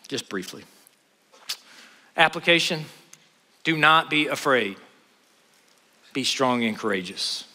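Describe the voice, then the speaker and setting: Animated preacher man in a big hall. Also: on the high side. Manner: animated, acts out Bible scenes in voices. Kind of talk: sermon. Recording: long hall reverb.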